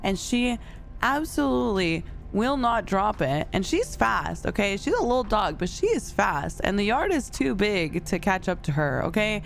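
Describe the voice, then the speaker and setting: A woman's voice: mid-range voice, big pitch swings, normal speed, gravelly, slight background noise. A young woman chatting casually to her viewers, telling a story with lots of laughter between lines. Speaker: streamer.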